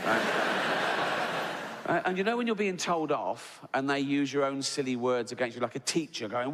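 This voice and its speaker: A man's voice: mid-range voice, normal speed. A man doing stand-up comedy, telling a long story and mocking people with put-on voices. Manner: animated, mocking voices in quoted lines. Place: large theatre stage. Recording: live theatre with long reverb and loud crowd ambience.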